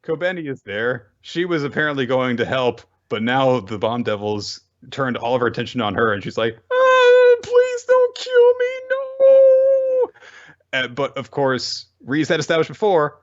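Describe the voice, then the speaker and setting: A man co-hosting a casual manga recap podcast, telling the story with lively retellings of the characters' lines. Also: mid-range voice, normal speed, hardly any pauses, muffled recording. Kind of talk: casual chapter recap chat.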